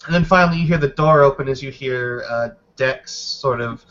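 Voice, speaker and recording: A man's voice: medium pitch, normal speed, a bit bright, muffled recording. A man narrating a tabletop game as game master, describing scenes loosely with many hedges.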